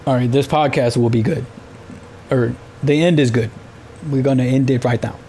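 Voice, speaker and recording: A man's voice: mid-range voice, steady tone, moderate pace, mellow, slight background noise. A man from the United States hosting a casual solo podcast, telling rambling, exasperated stories with plenty of filler words. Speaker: podcast host.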